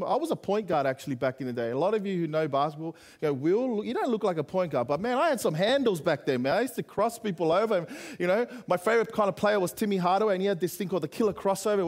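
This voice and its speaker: A young man preaching a sermon, telling stories in a chatty way and then calling out loud appeals to the congregation. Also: high voice. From Australia. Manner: conversational storytelling, rising to loud appeals.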